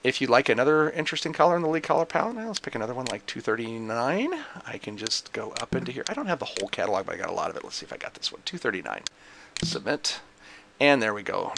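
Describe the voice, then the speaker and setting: A man walking through a piece of lighting software in a casual screen-recorded tutorial, thinking aloud with plenty of ums and uhs. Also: lowish voice, gravelly. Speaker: software demonstrator. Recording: noisy home recording with mouse clicks.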